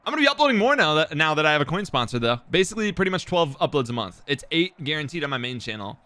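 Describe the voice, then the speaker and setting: Excitable young male game streamer. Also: a little high, racing, no echo. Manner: excitable, swears, jumps to loud outbursts. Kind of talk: live game stream commentary.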